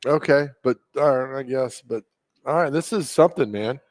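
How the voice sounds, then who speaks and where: A man's voice: mid-range voice, moderate pace, no room sound. A male co-host on sports radio who jokes around and reads listener texts in casual banter. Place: radio studio.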